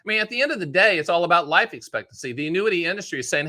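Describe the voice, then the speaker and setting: Bright, folksy male annuity advisor. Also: high-pitched, very fast. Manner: folksy, joking asides, animated put-on voices. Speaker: annuity advisor hosting his own show. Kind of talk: casual direct-to-camera explainer.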